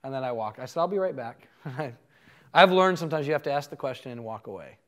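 A man's voice: medium pitch, animated, fast talker, a bit bright. A man giving a conversational teaching talk to a live audience, telling stories in an earnest way. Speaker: conference speaker.

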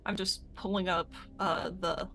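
This is a woman playing her character in an online tabletop game from a home microphone. She talks slowly and deliberately, works through her options out loud, and often lets her voice drop off as she checks her spells. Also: on the low side, fairly even intonation, vocal fry. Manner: slow, thinks aloud, trails off softly. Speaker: player.

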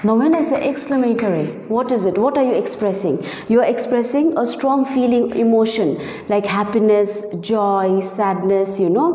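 Echoey teacher woman, mellow voice. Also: on the high side, moderate pace. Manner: patient, repeats "okay" and "you know" often, asks questions to the class. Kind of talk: online class explanation. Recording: echoey room with long reverb.

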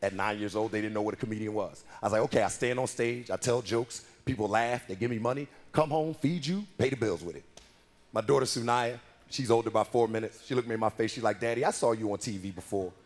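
A male stand-up comedian in his thirties telling profane, animated stories about his daughters on a club stage. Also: on the low side, fast. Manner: profane, animated storytelling with voices.

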